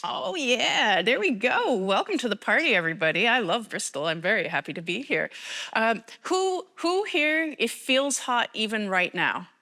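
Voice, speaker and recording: American woman, conference speaker, bright voice, chatty, rambling asides, stage mic. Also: fairly high pitch, big pitch swings, moderate pace. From United States. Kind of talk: conference talk. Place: large conference hall. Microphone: stage microphone.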